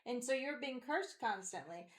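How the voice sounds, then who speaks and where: A woman's voice: on the high side, animated, normal speed. Chatty woman with an echoey room sound. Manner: rambling storytelling with frequent fillers and quoted voices. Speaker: podcast co-host. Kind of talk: candid personal conversation.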